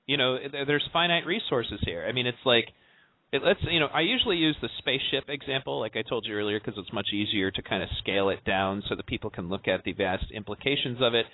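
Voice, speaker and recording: A man hosting a casual podcast chat, leaning on filler words and sliding into sarcasm. His voice sits at an ordinary pitch and comes through a dead, dry, phone-line sound with little body. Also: quick pace, no room sound. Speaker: podcast host. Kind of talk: casual conversation. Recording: tinny phone-line call.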